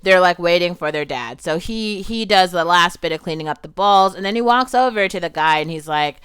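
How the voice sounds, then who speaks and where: A young adult woman giving casual, animated commentary on a film, outspoken and full of "like", with frequent swearing. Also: lowish voice, fairly quick, hardly any pauses, clean tone, no room sound.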